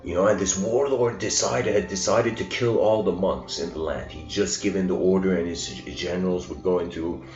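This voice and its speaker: A man gives a rambling, casual storytelling lecture on spiritual themes, acting out quoted lines with rising intensity. His low voice is a little mellow, with fairly even intonation at a moderate pace and hardly any pauses. The recording is roomy, dull and lo-fi, with faint music.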